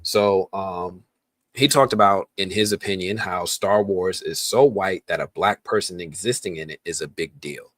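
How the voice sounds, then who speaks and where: A man's voice: deep voice, normal speed, a bit bright, dry recording. A man hosting a casual movie news podcast, talking loosely with lots of ums and restarts. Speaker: podcast host.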